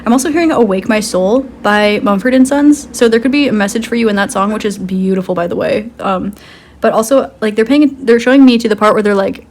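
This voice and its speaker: A woman's voice: medium pitch, a little fast, a little mellow. A woman giving a casual intuitive card reading, rambling with many "um"s and "like"s and laughing easily. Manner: rambling, full of "um" and "like", giggly. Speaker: tarot card reader.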